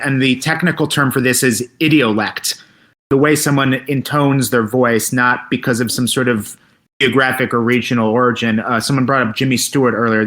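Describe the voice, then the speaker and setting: Articulate, measured man, mid pitch. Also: a bit bright. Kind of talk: casual podcast discussion.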